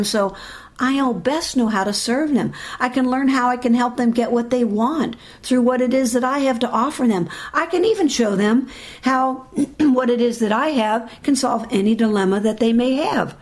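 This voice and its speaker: A woman giving a motivational talk, speaking directly to her listeners in an animated way. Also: on the high side, normal speed.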